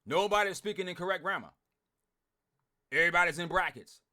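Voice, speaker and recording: A man ranting bluntly to his online group, swearing a lot, repeating himself and swinging from loud outbursts to muttering. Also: sits high, a little fast. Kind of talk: heated profane rant to followers.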